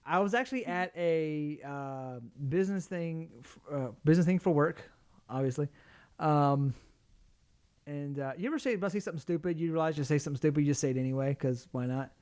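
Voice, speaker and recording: Male podcast co-host, slightly high pitch; loose, rambling storyteller who acts out dialogue. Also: a little fast, darkish tone, smooth. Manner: rambling storyteller, acts out quoted people, lots of fillers and restarts. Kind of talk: casual chat.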